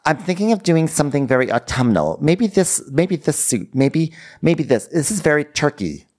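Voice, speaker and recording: A man's voice: a little high, big pitch swings, moderate pace, a little mellow, voice pushed up. A man putting on a breezy young woman from a reality show, talking in upspeak. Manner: breezy, valley-girl upspeak.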